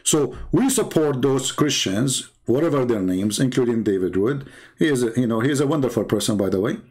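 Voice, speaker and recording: A man hosting a debate livestream, talking in a mocking, scornful and emphatic way, with non-native English and broken grammar, his voice slightly hoarse. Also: mid-range voice, lively intonation, fairly quick, a little mellow. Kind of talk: livestream commentary while calling viewers.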